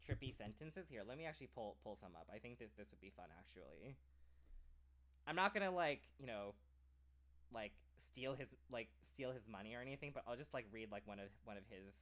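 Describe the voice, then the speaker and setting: A man's voice: medium pitch, fairly bright tone. Rambling American man chatting casually. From United States. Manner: rambling, full of "like" and restarts. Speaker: streamer.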